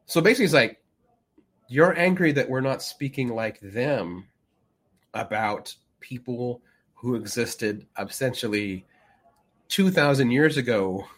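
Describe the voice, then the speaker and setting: Guy co-hosting a nerdy podcast, rambly, tons of "like"s, mid-pitched everyday voice. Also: animated, measured pace, a bit bright. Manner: rambling, many "like" fillers, acts out quotes. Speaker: podcast co-host. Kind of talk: casual chat.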